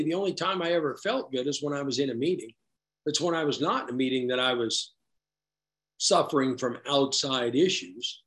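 A middle-aged man with a mid-range voice tells his own recovery story to a group at a recovery meeting. He rambles conversationally and adds wry, self-deprecating asides.

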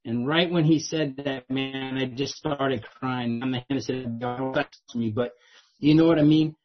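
A middle-aged man telling a personal recovery story in a lively way, often adding "right?" to check in with the room. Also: medium pitch, measured pace, dull audio, soft background music. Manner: animated, repeats "right?" often. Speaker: speaker sharing a recovery story. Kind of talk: storytelling talk.

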